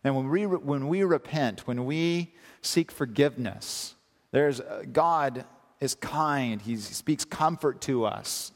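A man's voice: medium pitch, slow pace. A male pastor preaching a sermon, reading scripture aloud and asking emphatic rhetorical questions. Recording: long hall reverb.

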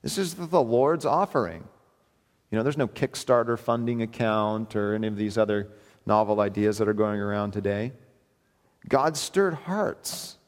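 Earnest preacher in a reverberant hall. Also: male voice, lowish voice, moderate pace. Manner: earnest, emphatic, repeats phrases. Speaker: pastor. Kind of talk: expository sermon.

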